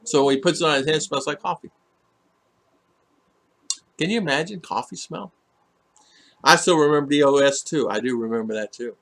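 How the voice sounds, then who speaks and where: This livestream host, at home in the Philippines, reads his viewers' comments aloud in a casual live chat. His voice sits on the high side, creaky and fairly bright, at a moderate pace with long pauses, and he meanders through with lots of fillers and restarts.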